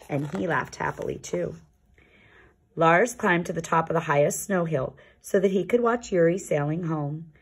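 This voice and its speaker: Woman, storybook reader, calm and expressive, low-pitched, husky breathy tone. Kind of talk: children's story read-aloud.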